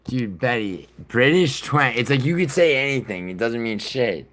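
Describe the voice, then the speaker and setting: A man's voice: lowish voice, lively intonation, normal speed, hardly any pauses, a bit bright. A young man streaming live, chatting casually and rambling with lots of swearing and laughter. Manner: profane, rambling, laughs often. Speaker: livestreamer. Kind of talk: casual live reaction chat.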